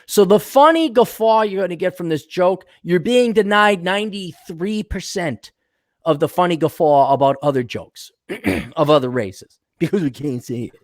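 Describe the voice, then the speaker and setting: A man co-hosting a podcast, telling jokes in a rambling, animated way. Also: sits high, normal speed, dry recording, studio quality. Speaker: podcast co-host. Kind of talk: casual chat, joke-telling.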